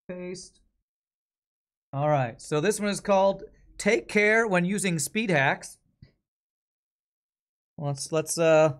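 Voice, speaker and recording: A man casually commenting while streaming a video game, thinking aloud and laughing easily. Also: a little high.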